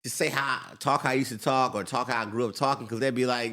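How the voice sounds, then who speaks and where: A man rattling through stories at a quick clip on a casual podcast. He keeps dropping into the voices of people in his tales, then back to his own. His pitch sits in a middle range. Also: fairly even intonation, pushed and bright. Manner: storytelling, acts out voices of people he quotes. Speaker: co-host.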